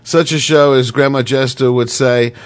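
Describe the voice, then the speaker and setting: A man's voice: mid-range voice, steady tone, moderate pace, dry recording. A man hosting a comedy radio show, bantering casually and goofily, now and then slipping into mock accents. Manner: goofy, jokey, slips into mock accents.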